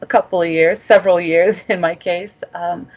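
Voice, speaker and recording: Woman guest from the US, lower register, reflective and chatty with fillers. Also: fairly even intonation, moderate pace. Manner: reflective, frequent fillers and soft laughs. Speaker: former master's student guest. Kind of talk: casual interview chat.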